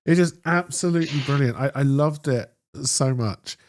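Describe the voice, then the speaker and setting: A man's voice: mid-range voice, moderate pace. A man co-hosting a podcast, chatting casually and enthusiastically about a TV episode. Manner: enthusiastic, animated storytelling. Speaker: podcast co-host. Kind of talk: casual chat.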